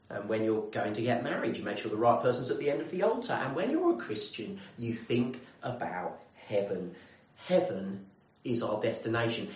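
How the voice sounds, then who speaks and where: A man's voice: medium pitch, roomy sound, low-quality recording. A man preaching a sermon in a conversational way, often putting questions to the congregation.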